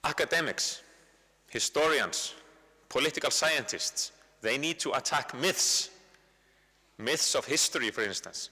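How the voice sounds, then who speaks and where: Icelandic man lecturing, bright forceful tone, long reverb of a big hall, conversational and repeats himself. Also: mid-range voice, lively intonation, unhurried, pauses often, slightly rough. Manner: conversational, repeats words while finding phrasing. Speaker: guest lecturer. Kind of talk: public university lecture. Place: large university lecture hall.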